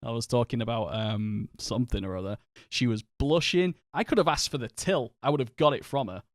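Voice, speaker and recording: A man's voice: medium pitch, no echo. Dry, chatty Northern English man. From England. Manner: chatty, rambling, quick to laugh and swear. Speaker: streamer. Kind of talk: casual live-stream chat while gaming.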